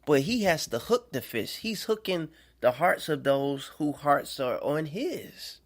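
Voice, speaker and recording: A man's voice: on the high side, big pitch swings, a little slow. Man preaching in a loose talky way. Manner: conversational, checks in with listeners. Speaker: self-made preacher. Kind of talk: informal preaching monologue.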